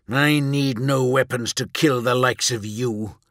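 A man voicing a stern, wrathful superhuman male warrior in an audiobook, speaking in a grim, contemptuous, measured way. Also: mid-range voice, steady tone, a bit bright, no room sound, clean studio sound. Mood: grim threat.

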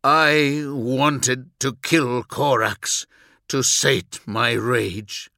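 A man giving dramatic, measured first-person narration for an audiobook. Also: medium pitch, fairly even intonation, pushed and bright, dry recording, studio quality.

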